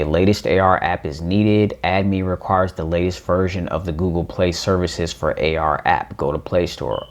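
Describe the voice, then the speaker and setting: A man with a low, gravelly voice talks unhurriedly through a new phone's camera settings. He reads each on-screen prompt aloud as he goes and calls his viewers ladies and gentlemen, in an easygoing, thinking-out-loud walkthrough. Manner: addresses viewers as ladies and gents. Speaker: tech reviewer. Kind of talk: casual unboxing walkthrough.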